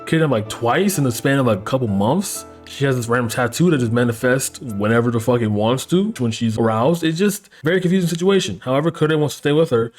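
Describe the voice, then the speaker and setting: A man's voice: medium pitch, soft background music. Sarcastic, swearing man recapping a plot. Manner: animated, sarcastic, swears freely, mimics characters in quick asides. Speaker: anime recap host. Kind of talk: casual profane plot recap.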